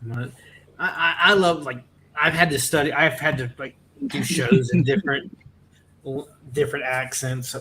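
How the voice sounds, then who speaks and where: A man's voice: mid-range voice, steady tone, unhurried, sharp tone, a little hiss or hum, rough recording. A man from Florida with a faint Southern accent, rambling in a casual group chat and often restarting his sentences. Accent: Southern American, mostly trained out.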